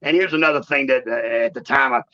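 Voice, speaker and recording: A man, telling stories in a shoot interview in a drawling, animated way and saying "man" often. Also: fast. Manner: animated storyteller, acts out quotes in a higher voice. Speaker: interview guest, former wrestler. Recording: dull lo-fi sound.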